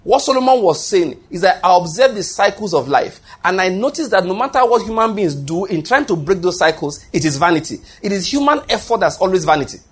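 A man's voice: high-pitched, very animated, brisk, hardly any pauses, husky. A man preaching a sermon, emphatic and repetitive, often restarting his phrases.

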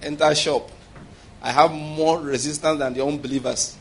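A man delivers a lively sermon in a fairly high voice, joking and laughing as he goes. He throws questions to his congregation and waits for their replies. A faint hiss of background noise sits under the recording. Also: moderate pace. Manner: humorous, call-and-response with congregation, laughing often. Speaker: preacher.

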